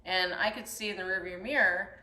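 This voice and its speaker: A young woman telling a story in casual chat, animated and acting out the voices in it. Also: medium pitch, brisk. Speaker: storyteller host. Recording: echoey room.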